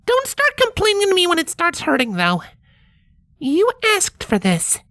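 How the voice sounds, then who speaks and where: A man voicing a clever young female unicorn mage with brisk, matter-of-fact, snippy replies in a fan story reading. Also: extremely high pitch, big pitch swings, sharp tone, no echo, voice pushed up, full character voice. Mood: irritated. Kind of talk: audiobook fanfiction reading.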